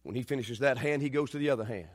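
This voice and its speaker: A male pastor preaching a sermon, telling stories with shouted quotes and then dropping to quiet, earnest delivery. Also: mid-range voice, rapid-fire, background noise. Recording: long reverb of a church hall.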